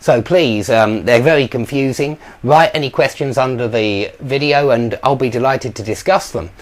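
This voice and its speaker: A man's voice: medium pitch, moderate pace. A man teaching an online grammar lesson, explaining patiently with frequent ums and the odd self-deprecating chuckle. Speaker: English teacher.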